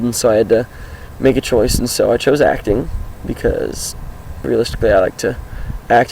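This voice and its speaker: A teenage boy talking casually outdoors about his life, with a groggy, hoarse voice and a rambling, upbeat manner. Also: medium pitch, a little mellow, slight background noise, low-quality recording. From Washington State, US. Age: teens. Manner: rambling, upbeat, many fillers. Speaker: high school student vlogger. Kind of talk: casual self-introduction vlog. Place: outdoors, sitting on his car.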